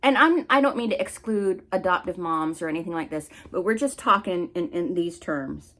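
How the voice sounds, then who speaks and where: A woman's voice: lowish voice, lively intonation, moderate pace, a bit bright. A woman hosting a commentary channel, delivering an angry, scolding rant with blunt swearing.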